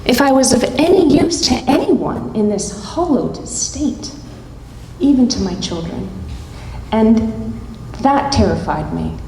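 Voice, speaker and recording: Middle-aged woman storyteller, unhurried and pausing, heard in a roomy hall with a long reverb tail. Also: sits high, animated, mellow, a little hiss or hum. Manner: deliberate, dramatic pauses between short phrases. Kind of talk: live storytelling performance. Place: stage at a live event hall.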